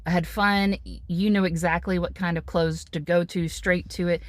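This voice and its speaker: A woman's voice: on the low side, steady tone, normal speed, no room sound. A woman host with a Texan accent, chatting in an encouraging, reflective way. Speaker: host, interviewer. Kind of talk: casual interview chat.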